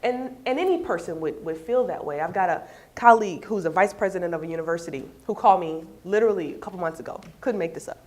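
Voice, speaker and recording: A woman giving a workplace training talk to a room of staff, lively and conversational, telling stories with quoted dialogue. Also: on the low side, quick pace, few pauses, a little hiss or hum. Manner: animated, storytelling with acted quotes. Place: room with an audience.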